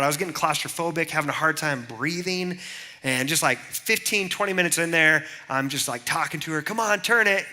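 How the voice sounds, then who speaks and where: A man's voice: mid-range voice, sharp tone. A man in his thirties giving a casual youth sermon, telling personal stories in a chatty way and calling on the audience for answers. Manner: chatty, storytelling, calls on the audience.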